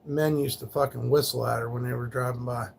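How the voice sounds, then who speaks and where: A man's voice: medium pitch, fairly even intonation, fairly quick, creaky, slightly rough. A man telling rambling, profane stories on a casual livestream, laid back and loose. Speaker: live streamer.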